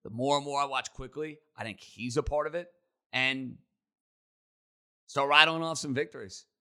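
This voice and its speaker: A man hosting a sports talk show, delivering an opinionated monologue with emphatic, rapid-fire takes. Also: medium pitch, pushed and bright, clear, resonant tone. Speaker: sports radio host.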